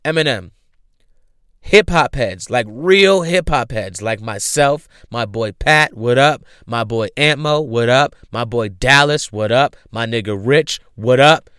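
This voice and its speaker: A man's voice: mid-range voice, animated, unhurried, a bit bright, clear, resonant tone, no echo. A man hosting a podcast, ranting bluntly and profanely about music with repeated rhetorical questions. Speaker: podcast host.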